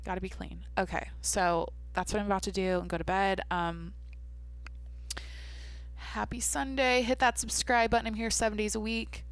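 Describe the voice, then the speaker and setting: A woman's voice: mid-range voice, steady tone, moderate pace, clean tone, dry recording. A young adult woman hosting a casual solo podcast, rambling and swearing casually as she talks to herself. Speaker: podcast host.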